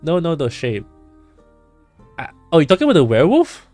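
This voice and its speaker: Male streamer, playful and quick to joke, lively ups and downs, close dry mic, faint game music underneath. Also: on the high side, dry recording. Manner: jokey, laughs and riffs while reading a game. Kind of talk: casual live-stream commentary.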